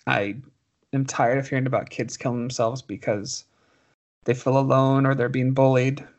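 A man's voice: mid-range voice, level tone, normal speed, muffled recording. Earnest male interviewer. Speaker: interviewer, host. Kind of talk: interview questions.

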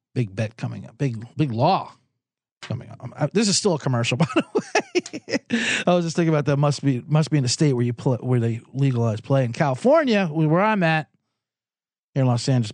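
A man hosting a sports betting podcast alone in a small recording booth, rambling comically, loud and excitable, swinging from shouting to mumbling. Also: medium pitch, a little fast, husky, no echo. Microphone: studio microphone.

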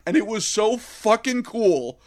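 Excitable, profane man reviewing a movie. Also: sits high, a little slow. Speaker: podcast co-host. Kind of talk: casual movie review chat.

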